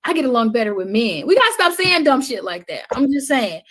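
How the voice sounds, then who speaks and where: A woman with a somewhat high voice talks with fervent conviction on a podcast, like a preacher. Her delivery swells loud, then drops to a hush. She sounds like a guest on a live stream. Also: sing-song, fairly quick, low-quality recording. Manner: impassioned, preaching cadence, swings from loud to hushed. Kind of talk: passionate podcast talk.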